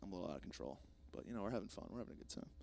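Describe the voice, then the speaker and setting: A young man hosting a podcast, rambling through a jokey, self-deprecating solo monologue with plenty of swearing, swinging between loud bursts and mumbled asides. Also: low-pitched, lively intonation, racing, creaky. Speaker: podcast host.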